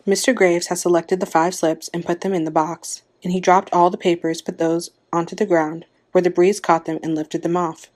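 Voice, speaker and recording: Low-voiced woman reading a story aloud. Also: level tone, normal speed, hardly any pauses, a little mellow. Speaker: narrator.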